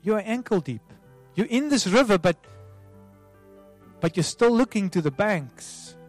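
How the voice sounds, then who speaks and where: A man as a pastor leading an altar call prayer, soft and pleading, repeating himself with many restarts. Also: sits high, lively intonation, a little slow. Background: soft music.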